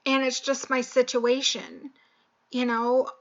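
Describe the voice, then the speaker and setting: A young woman talking slowly and haltingly in a personal video, choked up and emotional, with many pauses and fillers. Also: sits high, little pitch movement, dull audio. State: tearful, choked up. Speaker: vlogger. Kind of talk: personal confessional vlog.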